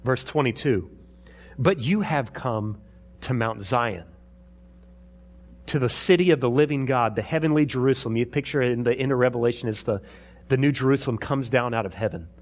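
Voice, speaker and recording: A man's voice: medium pitch, moderate pace. A man preaching a sermon in a conversational way, reading scripture aloud and explaining it. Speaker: pastor.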